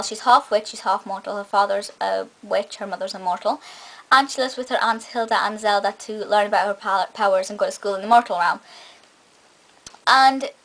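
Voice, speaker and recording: A young woman with a slightly high voice reviews a TV episode in an eager, talkative way, frequently starting her sentences over. She's a film and TV reviewer, and the audio quality is poor.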